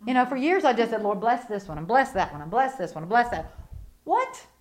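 A middle-aged woman with a fairly high voice preaches with fervent conviction. She drops low and soft for reflection, then climbs into loud, emphatic bursts. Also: expressive, fast. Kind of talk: sermon.

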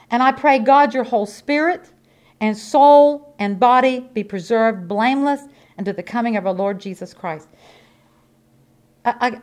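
Woman, high pitch, preacher, sermon, emphatic, folksy, repetitive. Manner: emphatic, repetitive preaching with swings from loud to soft; folksy, conversational asides to the congregation.

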